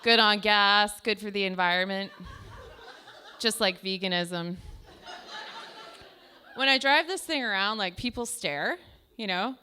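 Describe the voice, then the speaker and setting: A woman's voice: medium pitch, measured pace, long pauses, bright, forceful tone, slight background noise. A young adult woman telling self-deprecating stand-up stories in a chatty way, full of "like". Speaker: stand-up comedian. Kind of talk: stand-up comedy storytelling. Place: small comedy show stage.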